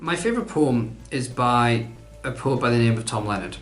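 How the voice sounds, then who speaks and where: A man's voice: mid-range voice, expressive, normal speed, roomy sound, soft background music. A man, answering viewer questions in a casual vlog, chatty and rambling, poking fun at himself. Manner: chatty, rambling, self-deprecating.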